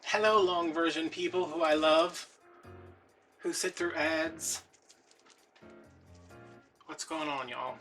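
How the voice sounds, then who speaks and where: A man's voice: on the high side, takes it slowly, long pauses, fairly bright tone. A man hosting a DIY wreath-making vlog, telling rambling, chatty stories with lots of fillers while he crafts. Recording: distant mic with background music.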